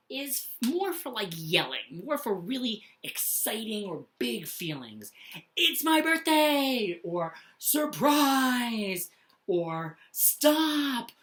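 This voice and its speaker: A woman teaching punctuation to young children in a slow, sing-song voice, often checking in with "okay?". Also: on the low side, a bit bright. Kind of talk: classroom lesson for children.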